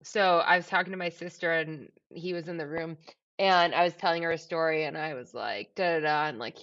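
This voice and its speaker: A woman co-hosting a podcast in casual chat, animated and laughing often, swearing freely. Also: sits low, fairly quick, highs cut off. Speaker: podcast co-host.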